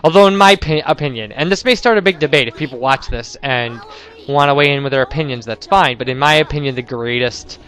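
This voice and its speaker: Faint music plays behind a young American let's play commentator speaking a little fast in a medium-pitched, slightly bright voice. He chats casually over gameplay and rambles through stories from his life.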